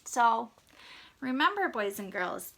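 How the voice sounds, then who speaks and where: A woman reading a picture book aloud to young children, asking them gentle questions and sometimes dropping to a hushed whisper. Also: on the high side, big pitch swings, takes it slowly, creaky. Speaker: children's story reader.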